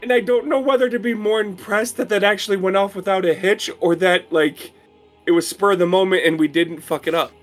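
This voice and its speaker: A man playing a tabletop game, making quick asides to the group. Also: sits high, fairly even intonation, faint music behind. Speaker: player. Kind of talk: casual tabletop banter.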